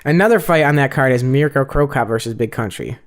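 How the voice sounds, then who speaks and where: A man's voice: medium pitch, lively intonation, a little fast. A young man in an easygoing podcast chat, his voice sitting in a middle range. He rambles through a fight recap, dropping fillers and curse words as he goes. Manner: rambling, profane fight breakdown with many fillers. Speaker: podcast co-host. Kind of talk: casual chat.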